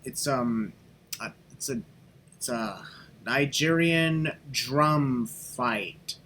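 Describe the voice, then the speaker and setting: Bright-voiced joking podcast host man. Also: medium pitch, very slow, slight background noise. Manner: chatty, joking, rambling. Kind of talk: casual podcast chat.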